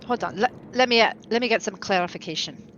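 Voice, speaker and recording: A woman's voice: medium pitch, fast, a bit bright, highs cut off, a little hiss or hum. A woman playing a character in a tabletop game, putting on an accent in character. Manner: puts on an accent for her character. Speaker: player.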